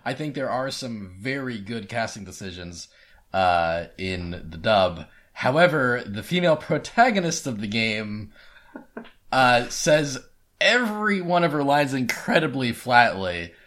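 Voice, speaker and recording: A man's voice: mid-range voice, very animated, unhurried, a bit bright. A man co-hosting a podcast in casual chat, rambling and often restarting his sentences. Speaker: podcast co-host.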